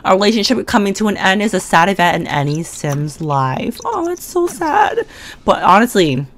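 A woman with a notably low voice talks her way through a life-sim game into a desk condenser mic. Her commentary is loose and full of slang. She chats straight to the characters and breaks into sudden excited or mock-scared outbursts. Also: brisk. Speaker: gaming video creator. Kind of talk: casual let's-play commentary.

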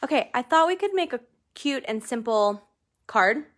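A high-pitched, animated woman speaking at a moderate pace teaches stamping live from her craft room at home. Chatty and quick to laugh at her own expense, she's recorded through a desk camera under studio lights.

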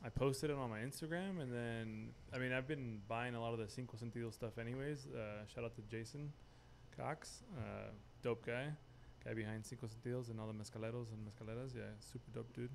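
A man's voice: mid-range voice, fairly even intonation, fairly quick, creaky, slight background noise. A man guesting on a podcast, telling a story in laid-back casual chat with lots of fillers.

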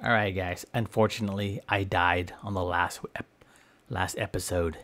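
A man with a somewhat low voice gives silly, in-character commentary over a video game. He boasts in a playful, mock-tough way and lets out exaggerated, melodramatic groans whenever his character gets hurt. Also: fairly even intonation, normal speed, fairly bright tone. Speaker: gameplay commentator.

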